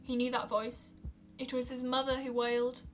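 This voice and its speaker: A woman reading myths aloud on a stream, calm, with small stumbles and restarts. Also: high-pitched, normal speed, faint music behind. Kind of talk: storytelling read-aloud.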